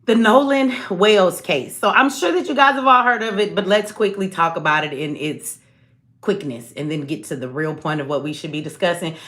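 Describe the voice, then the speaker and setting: A woman's voice: fairly low pitch, fairly quick, fairly bright tone. A woman hosting a casual livestream, blunt, sarcastic and profane, talking straight to her chat. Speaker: livestream host.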